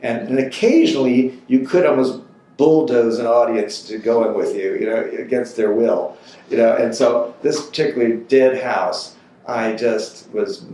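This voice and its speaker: A man in his sixties being interviewed for an oral history, telling an anecdote with lively, acted-out quotes. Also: medium pitch, moderate pace. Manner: animated anecdotal storyteller who acts out quotes. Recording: roomy echo with faint ambient noise.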